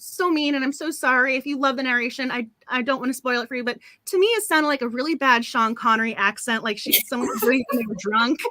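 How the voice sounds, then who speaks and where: Brief: chatty book club host, woman, giggly and apologetic, bright and sharp, high-ish voice. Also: fast talker, hardly any pauses, dry recording. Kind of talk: casual live-stream chat.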